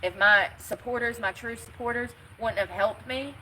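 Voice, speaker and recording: A woman's voice: fairly high pitch, moderate pace, noisy background. Blunt, fiery woman streaming. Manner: blunt, fiery, talks back to chat. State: worn out. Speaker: livestreamer. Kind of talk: casual livestream chat.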